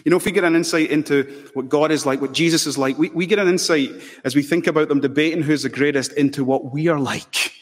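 A man preaching a sermon with passion, building to loud emphatic peaks. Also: fairly high pitch, fast talker. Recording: long hall reverb.

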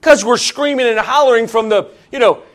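A middle-aged man preaching a sermon as pastor. He swings from hushed asides to shouted, emphatic refrains. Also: very high-pitched, fairly quick.

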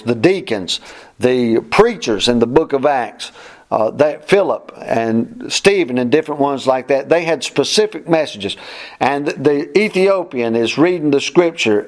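A man teaching a verse-by-verse Bible class, plainspoken and emphatic, often repeating his points. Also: medium pitch.

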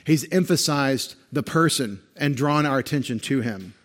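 A man's voice: mid-range voice, moderate pace. A man preaching an expository sermon, patiently explaining Greek grammar and pointing things out on a screen like a teacher. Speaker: pastor.

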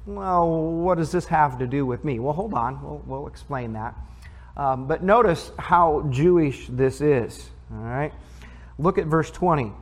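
Pastor teaching scripture, conversational. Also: male voice, medium pitch. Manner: conversational, asks the congregation questions; reads scripture aloud, then explains it. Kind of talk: sermon, Bible teaching.

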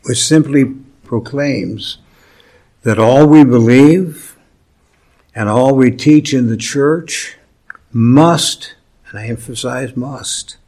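Slow, deliberate preaching man. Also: medium pitch, darkish tone. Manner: slow, deliberate preaching with emphatic pauses and light humor. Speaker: pastor. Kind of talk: sermon.

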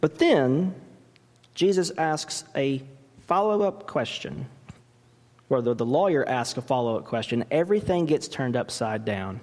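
A man's voice: mid-range voice, animated, unhurried, darkish tone. A man preaching a sermon as pastor, emphatic and full of rhetorical questions, in a church. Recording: long hall reverb.

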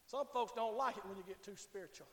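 High-voiced shouting preacher. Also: male voice, fast. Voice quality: shouting Southern preacher, swings from hushed to hollering. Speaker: pastor. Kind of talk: fiery revival sermon. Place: church sanctuary. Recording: echoey church hall reverb.

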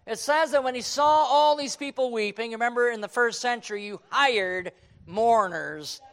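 Male preacher with a high voice. Dramatic sermon, hushed to shouting, reads King James verses. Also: normal speed. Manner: quotes King James scripture.

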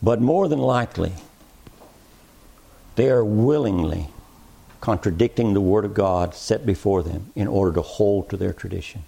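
A man's voice: fairly low pitch, normal speed, creaky, pauses often, mellow, slightly rough. A man preaching an expository sermon, with rising, emphatic cadences.

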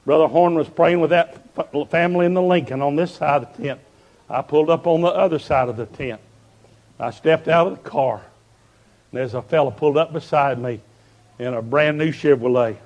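A man preaching a revival sermon, telling stories fervently and building up to shouts. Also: fairly high pitch, moderate pace.

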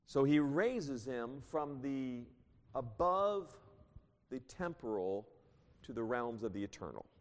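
A man preaching a sermon with strong emphasis, reading scripture aloud and swinging his voice high and low. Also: lively intonation, slow pace. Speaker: pastor. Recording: long reverb of a church hall.

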